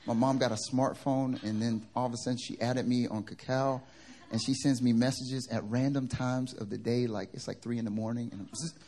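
A male pastor from the American South, preaching a sermon through funny personal stories, animated and joking. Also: mid-range voice, fairly quick. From Southern United States. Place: church service.

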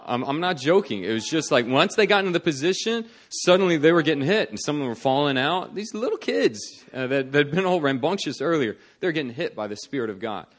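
A man preaching, telling a testimony story with laughter, moving from hushed quoted prayers to loud excited outbursts. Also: a little high, fast talker, hardly any pauses.

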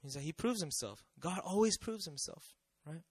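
A man's voice: a little high, lively intonation, normal speed, husky, no room sound. A man preaching a sermon in a conversational way, often asking the audience questions and acting out quotes.

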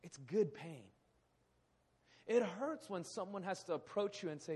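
A man in his thirties preaching a sermon in a hall, animated, often acting out quoted voices. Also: high voice, unhurried, long pauses, slightly rough. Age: 30s. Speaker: pastor. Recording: echoey hall.

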